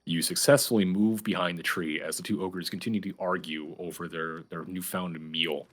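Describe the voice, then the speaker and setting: Low-voiced man running a tabletop game. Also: fairly even intonation, normal speed. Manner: loose, chatty narration with frequent fillers. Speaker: game master.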